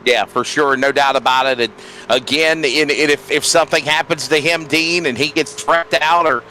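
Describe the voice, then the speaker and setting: A man doing play-by-play for an online sim race, energetic and often restarting his sentences. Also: a little high, normal speed, a little hiss or hum, poor audio. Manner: energetic, with frequent fillers and restarts. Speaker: play-by-play commentator. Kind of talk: sim racing commentary.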